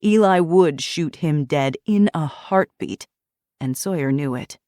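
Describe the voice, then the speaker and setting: A woman narrating a thriller audiobook in an even, measured reading. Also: low voice, dry recording, studio quality.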